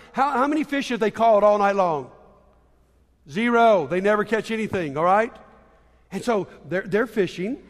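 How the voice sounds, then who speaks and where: A man preaching a sermon, telling a Bible story in a conversational way with frequent restarts. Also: high-pitched. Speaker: pastor. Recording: long reverb from a hall.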